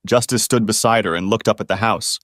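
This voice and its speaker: A man reading a story as scripted narration in a steady storybook voice. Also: on the low side, a little fast, no echo, clean studio sound.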